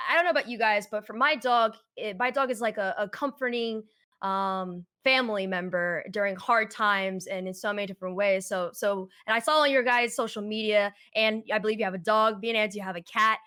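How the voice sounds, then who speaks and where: Female host, upbeat and chatty, bright tone, slightly high. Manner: upbeat, chatty, with frequent laughs. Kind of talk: casual interview chat.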